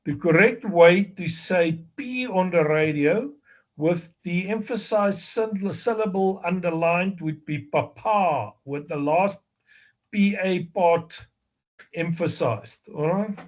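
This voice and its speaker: Slow, high-voiced South African male instructor. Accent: South African English. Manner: slow, deliberate, explanatory with fillers and self-corrections. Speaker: amateur radio exam instructor. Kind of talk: exam review lecture.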